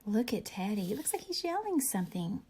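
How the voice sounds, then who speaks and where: A young woman teacher reading a picture book aloud to young children, pausing to ask gentle questions. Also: mid-range voice, breathy edge. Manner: gentle, animated storybook reading with questions to kids.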